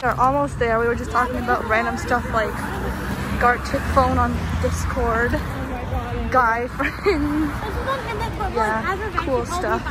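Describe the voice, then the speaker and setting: Woman, high voice, casual voice-over, playful chatty delivery. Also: slow, over loud music, over a noisy crowd. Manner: chatty, playful, sing-song chanting.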